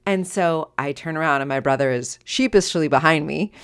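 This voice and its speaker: Middle-aged woman, podcast host, low voice, animated personal storytelling with acted-out dialogue. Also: moderate pace, smooth. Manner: animated, acts out quoted dialogue.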